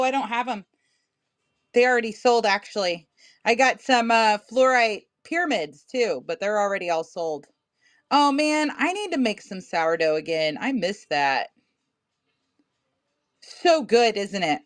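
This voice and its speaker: A woman in her thirties selling crystals on a livestream, chatting casually and laughing often. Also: on the high side. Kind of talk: casual live-sale chat.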